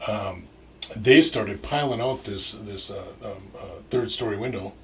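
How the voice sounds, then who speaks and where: Middle-aged man, low voice, rambling storyteller, loose and profane, recorded at a distance. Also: unhurried. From Minnesota. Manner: rambling, many restarts and fillers, swears freely. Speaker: storyteller guest. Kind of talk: casual anecdote. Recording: distant mic with faint noise.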